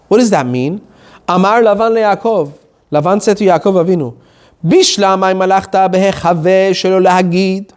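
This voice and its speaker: A rabbi giving an animated Torah lesson, reading quotes and explaining them in plain English. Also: male voice, sits high, normal speed.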